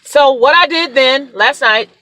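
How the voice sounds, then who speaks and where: A woman's voice: high-pitched, unhurried, sharp tone, low-quality recording. A middle-aged woman, telling a story as a vlogger, emphatic and exasperated, repeating words for effect. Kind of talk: animated storytelling rant. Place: parked car.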